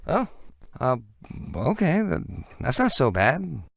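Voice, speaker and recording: An actor playing a flustered cartoon character who stammers and hesitates. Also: male voice, a little high, sing-song, takes it slowly, gravelly, fairly bright tone, dry recording, clean studio sound, heavily acted.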